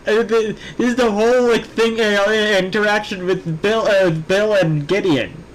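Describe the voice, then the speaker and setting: A young man co-hosting a casual podcast, reading fan fiction aloud haltingly and breaking off to comment. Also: high-pitched, steady tone, rough recording. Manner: stumbling, halting reading with many fillers and restarts. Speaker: podcast co-host.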